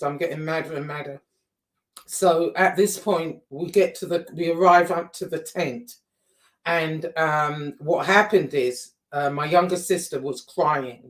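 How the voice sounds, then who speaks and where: A woman casually telling a story to her viewers, animated and exasperated, acting out what people said and swearing now and then. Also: fairly low pitch, moderate pace, recorded from a distance. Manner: animated, exasperated retelling with quoted dialogue and swearing. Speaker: vlogger.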